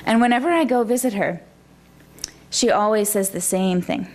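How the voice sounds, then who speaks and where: A woman minister preaching a gentle, reflective sermon in a church. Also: mid-range voice, normal speed.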